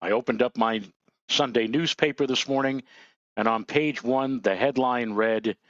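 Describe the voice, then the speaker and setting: A man's voice: medium pitch, normal speed, fairly bright tone, no echo. A man co-hosting a weather show, ranting indignantly in casual chat. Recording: dull lo-fi dry sound.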